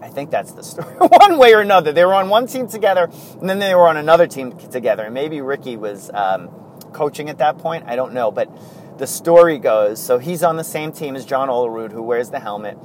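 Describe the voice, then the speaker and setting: A man's voice: medium pitch, animated, brisk, a little hiss or hum. A man hosting a casual podcast on his own, telling stories in a rambling way with chuckles and self-corrections. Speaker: podcast host. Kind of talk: casual solo podcast talk.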